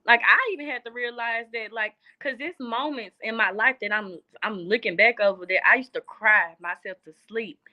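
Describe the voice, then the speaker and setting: A young woman with a highish voice speaks at a moderate pace with few pauses, on a muffled recording. As a guest in a casual chat, she talks earnestly and from the heart, repeating phrases for emphasis.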